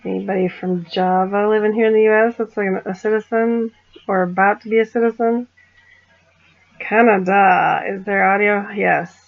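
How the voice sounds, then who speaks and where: A woman's voice: mid-range voice, fairly even intonation, moderate pace, vocal fry, phone-quality sound. A woman vlogger chatting casually, giggling and apologizing as she stumbles through foreign words. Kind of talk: casual chat.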